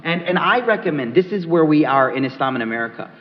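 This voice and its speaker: A man's voice: a little high, lively intonation, fast talker. A man being interviewed as an author, speaking earnestly and emphatically and telling stories to a crowd in a large mosque hall. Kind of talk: conversational interview with storytelling. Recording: echoey hall, dull lo-fi sound.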